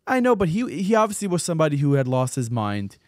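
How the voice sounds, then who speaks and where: A man's voice: on the high side, sing-song, fast, a little mellow, dry recording, studio quality. A man hosting a casual podcast chat, telling news stories conversationally and often repeating words as he gathers his thoughts. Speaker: podcast host.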